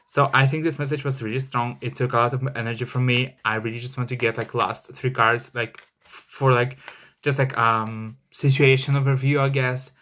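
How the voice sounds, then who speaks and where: A man reads tarot cards to camera in a loose, casual way. He talks emphatically, with many fillers and the odd curse. His voice sits at an ordinary middle pitch. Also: little pitch movement, moderate pace, bright, forceful tone. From Russia. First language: Russian. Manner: chatty and emphatic, heavy on "like" fillers and swearing. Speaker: tarot reader.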